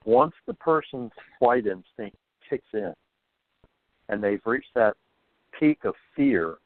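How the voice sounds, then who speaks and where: A man's voice: medium pitch, lively intonation, takes it slowly, dry recording. A man speaking as a guest in a casual podcast interview, thoughtful, often stumbling and repeating words. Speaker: guest author on paranormal folklore. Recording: dry, phone-like line.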